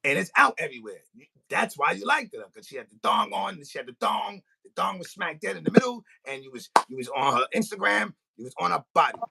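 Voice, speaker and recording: Man, podcast host, husky and bright, animated storytelling, acts out phone calls. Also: sits high, fast, hardly any pauses. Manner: animated, acting out both sides of phone calls. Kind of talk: comedic storytelling rant. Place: recording studio.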